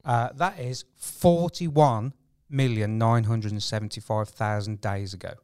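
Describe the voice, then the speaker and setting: A man's voice: fairly low pitch, a little slow, dark tone, clear, resonant tone. A man co-hosting a podcast in casual chat, reading facts aloud. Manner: reads facts aloud, chuckles. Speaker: podcast co-host.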